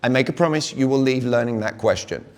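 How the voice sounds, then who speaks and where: A British man in his forties giving an energetic live sales talk at a conference, constantly quizzing the audience. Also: mid-range voice, fast. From Britain. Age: 40s. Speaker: conference speaker. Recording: long reverb of a big hall.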